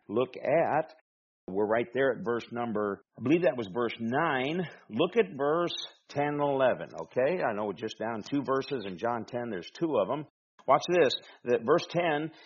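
A man's voice: medium pitch, breathy edge, muffled recording. A man with a Southern American accent preaching a sermon, folksy, with rhetorical questions and humorous asides. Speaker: pastor.

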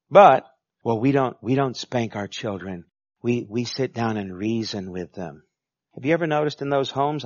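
A male pastor preaching with a lively, wide-ranging pitch, hammering some lines hard and dropping others low. The recording is dry and close-miked but sounds a little dull and lo-fi. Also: no room sound. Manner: preachy, emphatic, swinging from loud to low and back. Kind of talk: sermon.

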